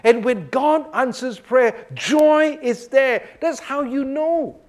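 A man teaching through a psalm verse by verse, animated and often checking in with his listeners. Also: extremely high pitch, slow pace. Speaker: Bible teacher. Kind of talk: expository sermon.

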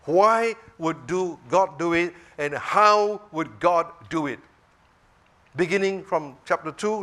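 Unhurried, high-voiced male preacher. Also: bright, forceful tone. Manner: emphatic, questioning the listeners. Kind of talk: sermon.

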